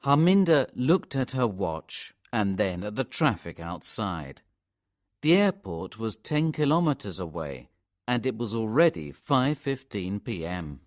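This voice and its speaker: Slow, expressive male story narrator. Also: lowish voice. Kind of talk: scripted narration for learners.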